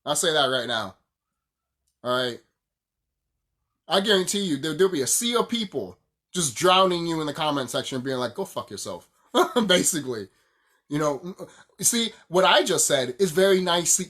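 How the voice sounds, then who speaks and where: A young man on a casual video rant, swearing as he goes and laughing in bursts. His pitch swings widely from low grumbles to excited highs. He keeps repeating himself to hammer the point home. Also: moderate pace. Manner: heated, profane, laughs often, repeats himself. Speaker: YouTuber ranting about games.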